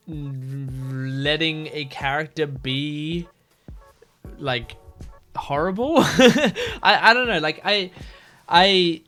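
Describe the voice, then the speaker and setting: A man's voice: a little high, sharp tone. A young man hosting an anime reaction video, thinking aloud in casual commentary with frequent fillers and restarts.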